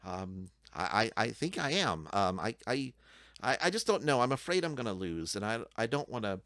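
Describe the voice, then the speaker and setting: A man's voice: mid-range voice, very animated, normal speed, a bit bright, no room sound, studio quality, voice pushed up. A man voicing a small, timid male goblin who stammers and frets. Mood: nervous. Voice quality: stammering, anxious.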